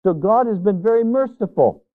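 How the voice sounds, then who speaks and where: A pastor delivers an earnest Bible sermon in a slightly high voice, leaning on his words and drawing them out for emphasis. The sound is thin and tinny, like it comes over a phone line. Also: animated, normal speed.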